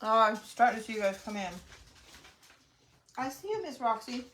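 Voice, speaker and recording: A chatty, friendly middle-aged woman hosts a crafting livestream in a relaxed, casual way. Her voice sits a little high for a woman. She talks with her mouth full now and then. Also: moderate pace, a little hiss or hum.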